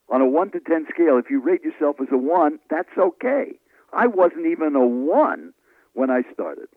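A man, a speaking coach telling animated stories in an interview. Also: fairly high pitch, no echo. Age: 70s. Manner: lively, animated storyteller acting out dialogue. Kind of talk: storytelling interview answers. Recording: tinny phone-line audio, dry.

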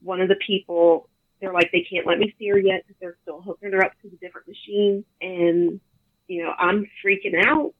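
A woman, a bereaved mother, telling the story of her daughter's death haltingly as a guest in an interview. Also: fairly low pitch, steady tone, no echo. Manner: halting, emotional, quotes others often. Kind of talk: emotional personal account. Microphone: phone. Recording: tinny phone line.

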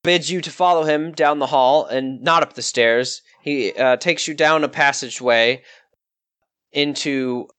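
A man narrating a tabletop game as game master, in a descriptive, measured way. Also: mid-range voice, a bit bright, clean tone.

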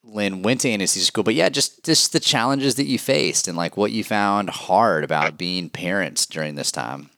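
A man's voice: fairly low pitch, lively intonation, normal speed, few pauses, fairly bright tone, no echo, studio quality. A man hosting a podcast interview, reacting supportively to his guests. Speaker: podcast host.

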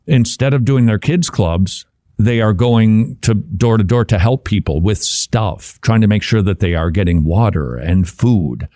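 A man's voice: lowish voice, expressive, unhurried, warm tone, no room sound, studio quality. A man hosting a Christian commentary show, talking casually and wryly, with asides and chuckles. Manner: wry, conversational, with asides and chuckles. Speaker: Christian talk show host.

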